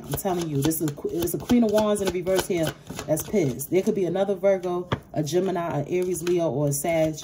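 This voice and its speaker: A woman's voice: on the low side, noisy background. A woman giving a casual tarot reading, blunt, profane and streetwise, speaking straight to her viewers. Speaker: tarot reader. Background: card shuffling.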